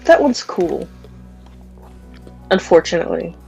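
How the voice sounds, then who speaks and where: A woman joining a game stream, chatting in a slow, laid-back way. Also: fairly low pitch, very animated, vocal fry, music in the background, poor audio. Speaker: co-player. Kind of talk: casual let's-play chat.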